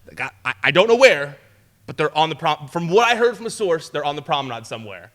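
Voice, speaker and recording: Bright-voiced man telling a story. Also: on the high side, fast. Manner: animated, laughs often while telling stories, peppers talk with "like". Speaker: interview guest, news reporter. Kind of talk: casual storytelling in an interview. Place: talk show studio set.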